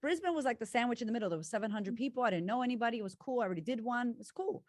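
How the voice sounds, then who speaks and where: A woman's voice: fairly high pitch, animated, racing, no echo. Woman, candid, swears a lot, emphatic storyteller, dry close sound. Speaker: guest, confidence coach. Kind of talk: candid casual conversation.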